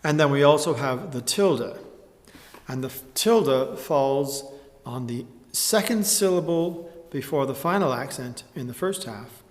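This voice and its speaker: A man giving a measured, precise lecture tutorial, pausing with fillers and clearing his throat now and then. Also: medium pitch, in a large hall. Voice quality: measured, precise explanatory delivery. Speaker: music instructor. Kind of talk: lecture tutorial with sung examples.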